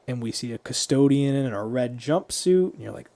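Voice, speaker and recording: A man's voice: medium pitch, moderate pace, hardly any pauses, a little mellow, no echo. A man co-hosting a podcast, casually retelling a movie scene by scene and swearing freely. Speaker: podcast co-host.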